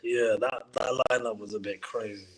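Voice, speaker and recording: A man chats as a guest on a football stream in a mid-pitched, slightly husky voice. He sounds relaxed and joking, with frequent restarts. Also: moderate pace, rough recording. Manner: laid-back, joking, restarts often. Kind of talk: casual chat.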